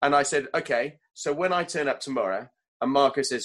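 A man, a chef telling stories from his career in a relaxed interview, self-deprecating and often laughing at himself. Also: mid-range voice, fast talker, few pauses, poor audio. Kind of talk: relaxed storytelling in conversation.

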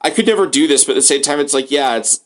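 A man's voice: a little high, fast talker, fairly bright tone. A man co-hosting a podcast in casual chat, rambling with lots of filler words. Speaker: podcast co-host.

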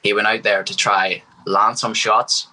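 A man's voice: fairly low pitch, little pitch movement, unhurried, bright, forceful tone, poor audio. A young man, a fighter speaking as a guest in a casual interview, confident and hyped. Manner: confident, hyped, trash-talking.

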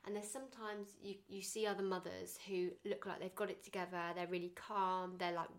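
A young woman hosting a casual chat, talking in a chatty, animated way and acting out quotes. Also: medium pitch, brisk. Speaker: podcast host.

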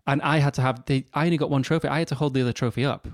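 Young man, quick podcast chat, dry close sound, reassuring, teasing. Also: medium pitch, fairly even intonation, dry recording. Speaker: podcast co-host.

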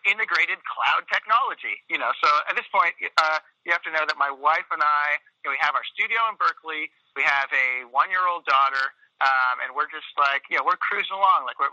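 Rambling American guy, bright voice. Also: a little high, no echo, lo-fi sound. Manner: rambling, animated, many fillers and restarts. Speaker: interview guest, Pilates studio owner. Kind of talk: casual storytelling interview.

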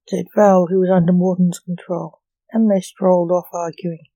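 A storyteller reading fiction aloud in a measured, plain way. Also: medium pitch, little pitch movement, dark tone, dry recording, low-quality recording.

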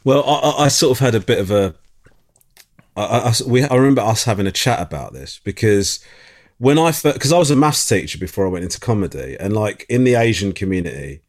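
A middle-aged man from England chats as a podcast guest, his voice swinging up and down as he tells stories. He restarts his sentences often and keeps the talk moving. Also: lowish voice. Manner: animated storytelling with quick restarts. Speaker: comedian guest. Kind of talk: casual podcast chat.

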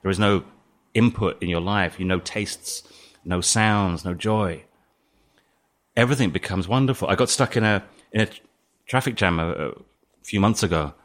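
A British man speaking as an interview guest, telling his story in a calm, thoughtful way. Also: low voice, moderate pace, pauses often. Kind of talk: reflective interview talk.

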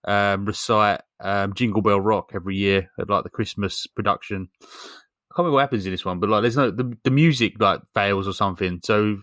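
A man with a lowish voice rambles through a story among friends, full of ums and little jokes. His voice is close and dry, with no room sound around it. He sounds like a podcast co-host chatting casually. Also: steady tone, a little fast, a bit bright, no room sound. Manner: rambling, many ums, jokey. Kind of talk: casual chat, retelling a film plot.

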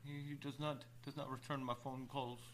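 A man as guest co-host on a podcast, making deadpan absurd jokes in casual banter. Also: mid-range voice, a little fast, a little hiss or hum.

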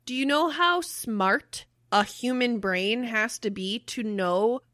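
A woman co-hosting a podcast, talking emphatically and swearing freely. Her voice is bright and forceful, recorded dry and close with no room sound. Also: a little high, slow, dry recording. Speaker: podcast co-host. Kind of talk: casual chat.

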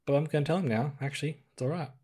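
A man co-hosting a film review podcast, defending a film in a hesitant, halting way. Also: on the high side, darkish tone, slightly rough. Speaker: podcast co-host. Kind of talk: casual film review chat.

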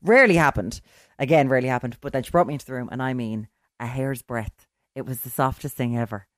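A middle-aged Irish speaker telling a story in casual chat on a podcast, acting out every quoted voice and jumping between hushed asides and sudden high, loud bursts. The voice sits at a middle pitch and is recorded close and dry, with no room sound at all. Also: fast talker, dry recording. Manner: animated, acts out quoted voices with big swings in pitch and loudness.

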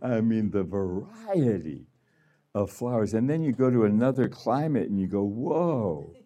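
A man's voice: lowish voice, very animated, unhurried, mellow, highs cut off. A man giving a conversational sermon to a gathering, laughing often and acting out little voices. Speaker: healing room director speaking.

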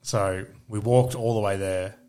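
A man's voice: lowish voice, a little slow. A young Australian man co-hosting a podcast, telling rambling stories with lots of swearing and laughter. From Queensland, Australia. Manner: swears freely, laughs through animated stories. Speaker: podcast co-host. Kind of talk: casual chat.

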